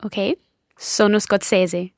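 Scottish female co-host, learner, slow careful repetition, dry close mic. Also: mid-range voice, steady tone, gravelly, no echo. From Scotland. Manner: repeats words after the teacher, careful. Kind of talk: podcast language lesson.

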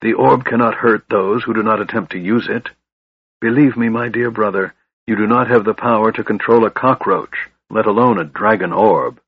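A man puts on a frail, bitter young mage from an audiobook who talks with sharp scorn. His voice is low and slightly husky. The sound is dry and dull. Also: moderate pace, no echo. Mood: scornful.

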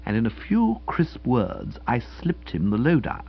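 A man's voice: deep voice, lively intonation, moderate pace, vocal fry, few pauses, husky, dull audio. A man narrating a comic novel with wry, mock-dignified storytelling. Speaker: audiobook narrator.

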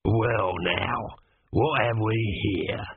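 Menacing thief leader with a slow low drawl, read by a man; dry, phone-like audio. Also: steady tone, slightly rough, no room sound, exaggerated voice. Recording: dry tinny phone-like sound.

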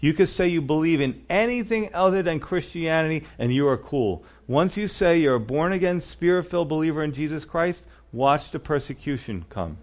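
A man's voice: a little high, expressive, normal speed, hardly any pauses. A man preaching a sermon, earnest and emphatic, often adding "you know" and "you see". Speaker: pastor.

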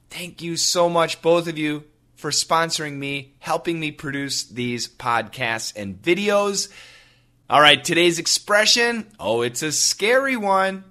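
A man hosting an English lesson podcast, upbeat and animated, spelling words out slowly for learners. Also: mid-range voice. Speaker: English teacher and podcast host.

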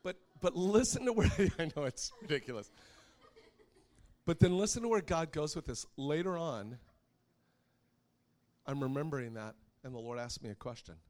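A middle-aged man preaching a sermon, telling a personal story in an animated way and laughing often. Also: on the high side, normal speed, pauses often.

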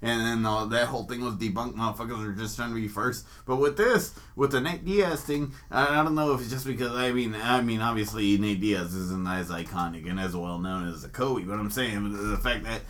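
Male co-host, brash and profane, bright edgy tone, animated casual rants. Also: fairly low pitch, fairly quick, hardly any pauses. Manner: profane, animated, laughing, ranting. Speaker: podcast co-host. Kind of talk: crude casual banter about fighting news.

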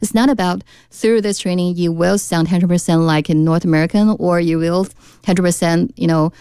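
A woman's voice: on the low side, fairly even intonation, moderate pace, warm tone, clean tone, no echo. A woman guest on a radio talk show, explaining her speech training company's courses with frequent fillers and restarts.

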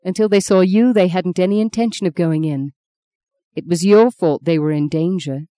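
A woman's voice: fairly low pitch, normal speed, warm tone, no echo, clean studio sound, close to an everyday voice. A woman reading the part of a disembodied inner voice, reproachful and accusing, in an audiobook.

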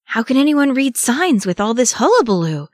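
A flustered male hobbit, gasping out his words, as a woman voices him. He sits higher and louder than the narration around him. The recording is a dry, close storybook reading. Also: very animated, moderate pace, no echo.

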